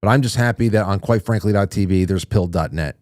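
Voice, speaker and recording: Male call-in host with a low-set voice, casual and joking, close dry mic. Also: fast talker, dry recording. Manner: chatty, jokey, animated when reacting. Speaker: radio show host. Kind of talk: casual call-in show, reading viewer messages.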